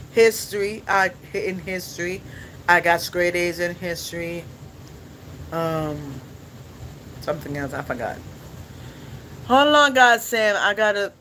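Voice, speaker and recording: A man's voice: high voice, sharp tone, a little hiss or hum, low-quality recording. A young man hosting a podcast, chatting casually with his viewers in a rambling, playful way and laughing often. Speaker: podcast host.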